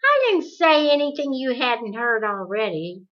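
A woman voicing a friendly, confident teenage boy who talks loud and blunt, in a dull lo-fi recording. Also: a little high, big pitch swings, unhurried, pitched above the performer's own voice. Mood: brash.

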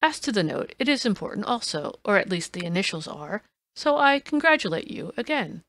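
A woman's voice: mid-range voice, sing-song, a little fast, fairly bright tone, no room sound. A woman voicing a cool, ironic male detective in an audiobook, dry and teasing. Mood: measured. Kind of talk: audiobook reading.

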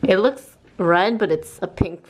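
A woman filming a casual family vlog at home, talking excitably with gushing exclamations. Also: medium pitch, unhurried, slight background noise. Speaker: vlogger mom. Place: home living room.

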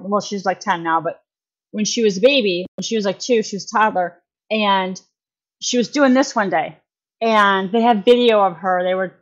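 A woman's voice: medium pitch, a bit bright, dull audio. A woman guest on a podcast, explaining at length in a casual, rambling way, full of fillers and restarts and folksy phrasing.

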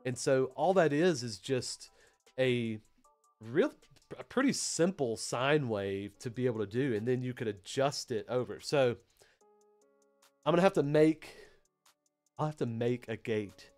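Man, southern us accent, casual live tech lesson, rambling, filler-heavy, mid-pitched, faint music behind. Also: animated, unhurried, pauses often, a little mellow. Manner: rambling, chatty, many fillers. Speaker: PLC training host.

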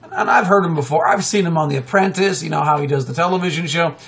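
Male live-stream host, middle-aged, high-pitched, talkative and excitable, restarts his sentences a lot. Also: fast, gravelly. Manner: excitable, chatty, many fillers and restarts, sudden high exclamations. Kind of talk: rambling political commentary monologue.

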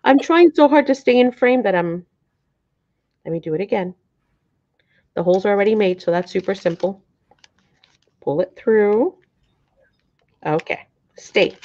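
A woman's voice: mid-range voice, expressive, unhurried, pauses often, dark tone. A middle-aged woman hosting a live craft tutorial, chatty and a bit flustered, often checking in with her viewers. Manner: apologetic, flustered by the camera framing. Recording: dull lo-fi sound.

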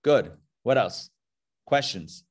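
A man's voice: medium pitch, animated, slow, breathy edge. A male rabbi teaching a live class, joking and drawing questions from the room. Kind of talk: live interactive lesson. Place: classroom before a live audience.

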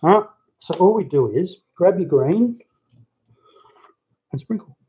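A man giving a relaxed, chatty how-to while working on a hobby model at home, talking into a handheld camera. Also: sits high, measured pace. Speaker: hobby model builder, channel host. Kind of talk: casual how-to crafting chat. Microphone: handheld camera mic. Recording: dull lo-fi camera audio.

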